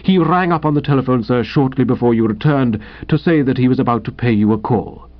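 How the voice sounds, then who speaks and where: Man voicing a soft-spoken, unruffled valet; muffled lo-fi audiobook sound. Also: medium pitch, brisk, close to an everyday voice. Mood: suave. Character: suave, imperturbable middle-aged male valet. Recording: dull lo-fi audio.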